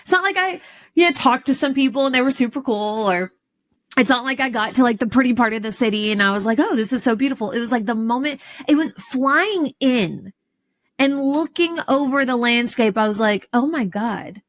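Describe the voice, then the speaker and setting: A woman hosting a podcast, telling a personal story in an animated, expressive way with sudden jumps in pitch. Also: brisk. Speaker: podcast host.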